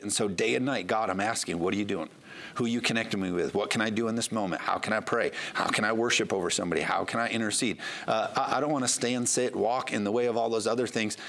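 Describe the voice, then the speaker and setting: A man's voice: fairly low pitch, a bit bright. A pastor preaching a sermon to his congregation in an earnest, conversational way, reading scripture aloud as he goes.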